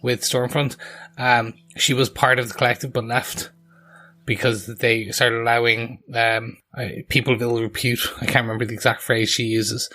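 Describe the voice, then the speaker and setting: Bright-voiced Irish man, chatty. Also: medium pitch, flat delivery. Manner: quick, chatty, self-correcting. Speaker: podcast co-host. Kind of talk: casual chat.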